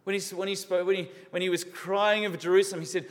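A man's voice: sits high, fast, hardly any pauses. A man preaching a sermon in an earnest, questioning way, repeating key words for emphasis. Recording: long reverb of a large hall.

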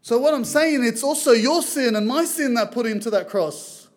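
Loud high-voiced Lebanese preacher. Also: male voice, moderate pace, few pauses. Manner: loud, earnest preaching, reads scripture aloud. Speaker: visiting preacher. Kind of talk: sermon. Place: church.

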